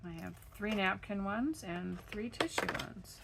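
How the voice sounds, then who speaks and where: A woman with a froggy, gravelly voice, chatting step by step through a crafting tutorial at her home craft desk. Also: mid-range voice, a little slow, heavy background noise. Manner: chatty step-by-step explaining while working. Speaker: craft channel host.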